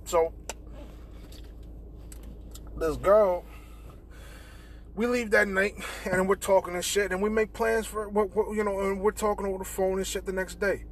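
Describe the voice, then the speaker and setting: A young man hosting a podcast, telling a profane, animated story in casual chat and acting out the dialogue. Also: high voice, a little slow, long pauses, a little hiss or hum. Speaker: podcast host. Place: in a car.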